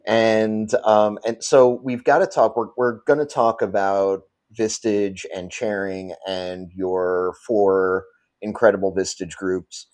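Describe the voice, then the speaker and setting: A man's voice: fairly low pitch, fairly even intonation, slow, darkish tone. A man from New York hosting a podcast interview, often stumbling and repeating words as he starts a thought. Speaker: podcast host. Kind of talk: casual interview.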